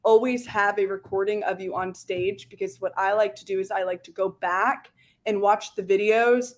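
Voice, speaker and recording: A woman singer talking as a guest in a casual interview, chatty and animated, with many "like" fillers. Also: mid-range voice, moderate pace.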